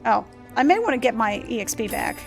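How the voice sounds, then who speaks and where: A woman gaming streamer talks through her play in a casual, rambling way, excitable and quick to swear. Her voice sits a bit high with a gravelly edge, and faint game music runs underneath. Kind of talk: casual let's-play commentary.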